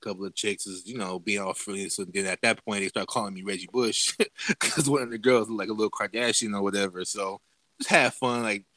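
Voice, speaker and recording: A man's voice: on the low side, fairly even intonation, fairly quick, pushed and bright, no echo. A man casually telling a profane story to friends on a podcast, acting out the people he quotes with big jumps in his voice. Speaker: podcast host.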